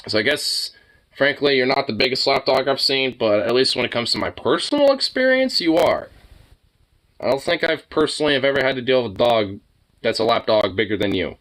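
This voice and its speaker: A man's voice: mid-range voice, lively intonation, fairly quick, fairly bright tone. A man chatting casually to his dog, rambling, swearing freely and slipping into baby talk. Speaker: dog owner vlogger.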